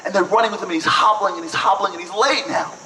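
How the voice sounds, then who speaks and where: A man's voice: sits high, fast, echoey room, recorded from a distance, a little hiss or hum, rough recording. A man telling a story at a breakfast event, acting out the people in it. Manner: animated, acts out quoted voices. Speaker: speaker. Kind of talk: storytelling speech. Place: event hall.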